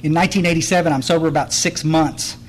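A man's voice: on the high side, fairly even intonation, fast, slight background noise, low-quality recording. A middle-aged man from the Texas Hill Country, giving a blunt, earnest personal testimony at a recovery meeting, often restarting and repeating words.

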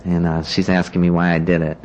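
A man with a somewhat low voice tells his own story of getting sober in a casual, meandering way. He leans on "you know" and "like", and he acts out the lines of the people he's talking about. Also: completely flat delivery, brisk, darkish tone, dull audio, slight background noise. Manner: rambling, full of "you know" and "like", acts out what others said. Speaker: speaker sharing his recovery story at a meeting.

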